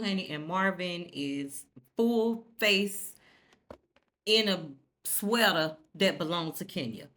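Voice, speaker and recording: Woman animatedly recapping a TV episode. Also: fairly low pitch. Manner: animated storytelling, acts out characters' lines, swears freely. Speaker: TV recap host.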